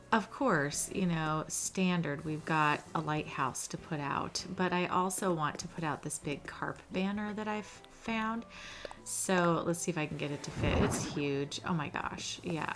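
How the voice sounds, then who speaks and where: A woman's voice: fairly low pitch, background noise. A young woman hosting a gaming channel, giving casual, chatty commentary over her gameplay in a cozy way. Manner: chatty and cozy, often says "little". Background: background music.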